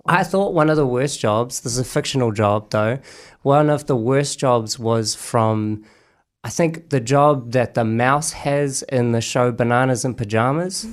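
A man hosting a casual chat, relaxed and musing as he steers the talk. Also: medium pitch, measured pace.

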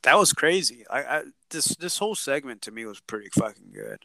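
A man's voice: mid-range voice, animated, fairly quick, bright, forceful tone, no echo. A man co-hosting a casual chat, laid-back and rambling, laughing often and swearing now and then.

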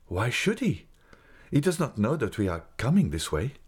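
A man's voice: mid-range voice, wildly swooping pitch, normal speed, a little mellow, husky, voice pushed up, exaggerated voice. A man voicing an impatient, anxious young male nobleman who asks urgent, pleading questions.

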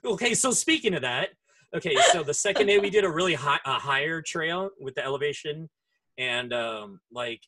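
A man's voice: on the high side, lively intonation, moderate pace, sharp tone. A man in casual chat, telling profane stories and acting out voices, speaking through headphones. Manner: profane storyteller who acts out voices.

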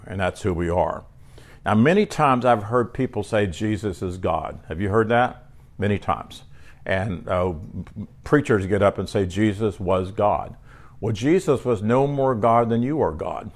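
Man preaching a conversational sermon. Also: on the low side. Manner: conversational teaching, reads scripture aloud, frequent restarts.

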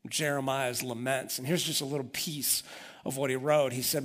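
A man's voice: mid-range voice, steady tone, normal speed, fairly bright tone. A man preaching a sermon, telling the story with energy and acting out the voices of the people in it. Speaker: pastor.

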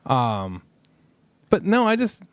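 A man's voice: mid-range voice, wildly swooping pitch, slow, no room sound. A man co-hosting a podcast in casual banter, rambling and joking as he trails off and restarts. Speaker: podcast co-host.

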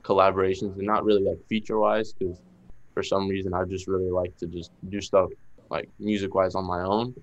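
A young man with a Boston accent, a musician talking casually in an interview, relaxed, with lots of "like" fillers. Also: sits low, fairly quick, muffled recording. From Massachusetts. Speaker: musician guest.

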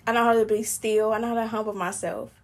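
A woman's voice: a little high, fairly even intonation, fast. A woman talking casually and joyfully about her faith, preaching, laughing often and rambling. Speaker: Christian woman sharing testimony.

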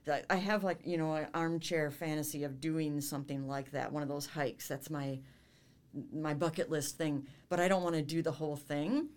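A woman's voice: low voice, fairly even intonation, normal speed. A woman teacher chatting as a podcast guest, talkative, with frequent restarts and laughs. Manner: chatty, laughs often, self-interrupting restarts. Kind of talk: casual podcast conversation.

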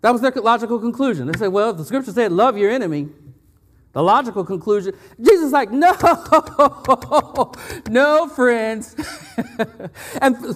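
A man preaching a lively sermon as pastor, repeating phrases and laughing often. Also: very high voice. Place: church. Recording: church hall with long reverb.

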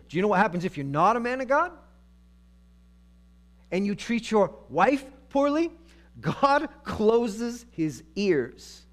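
A man preaching a sermon, dramatic, moving from loud emphasis to hushed asides. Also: sits high, sing-song, slow pace, long pauses. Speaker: pastor.

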